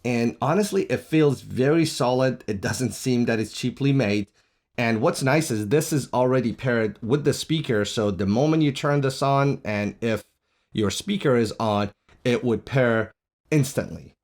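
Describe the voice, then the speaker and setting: A man's voice: mid-range voice, measured pace, darkish tone. A man reviewing a product, casually walking through its features one by one in a plain explanatory way. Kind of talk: casual product demo walkthrough. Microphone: shotgun mic on a stand.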